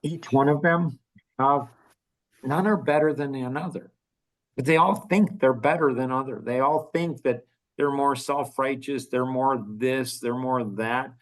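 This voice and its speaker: Alternating loud outbursts with quiet asides, this older podcast host talks emphatically in a relaxed show. His voice sits at medium pitch, and he speaks a little slowly.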